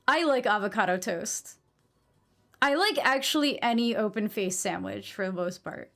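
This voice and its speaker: A woman's voice: sits high, normal speed, a bit bright. Chatty young woman streamer, swearing freely. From New England. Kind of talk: casual chat with live chat.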